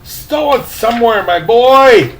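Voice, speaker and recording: A man's voice: very high voice, animated, slow pace, voice pushed up, full character voice. A man voicing a frail, fussy old man who is sure he is dying, with a quavering, old-fashioned way of speaking. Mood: fretful.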